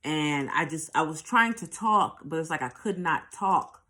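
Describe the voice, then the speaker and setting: A woman's voice: deep voice, animated, unhurried, bright, forceful tone. New woman doing a storytime vlog, cusses a lot, talks right to the viewers. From New York. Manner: candid, profane, talks straight to viewers. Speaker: vlogger. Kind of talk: storytime monologue.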